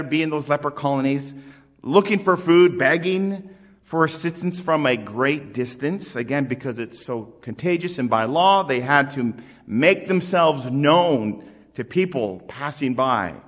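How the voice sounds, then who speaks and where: A man's voice: fairly high pitch, a bit bright. A man preaching a sermon with emphatic, swelling delivery, often asking the congregation questions. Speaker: pastor. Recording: long hall reverb.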